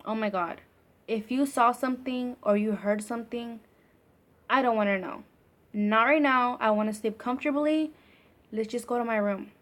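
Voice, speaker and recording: A woman quoting her sister, a blunt young woman who snaps and swears, with a raised pitch. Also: normal speed, close to an everyday voice. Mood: shaken. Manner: snappy, swearing.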